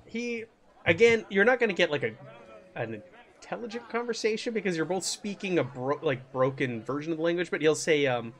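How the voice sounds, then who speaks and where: A man's voice: on the high side, lively intonation, fairly quick, fairly bright tone. A man running a tabletop horror game as game master, talking loosely with many fillers and restarts.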